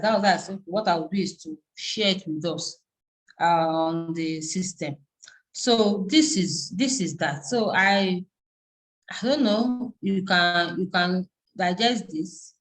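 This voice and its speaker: A woman with a Nigerian English accent giving a live online university lecture, reading out terms haltingly with frequent restarts and fillers. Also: on the low side, low-quality recording.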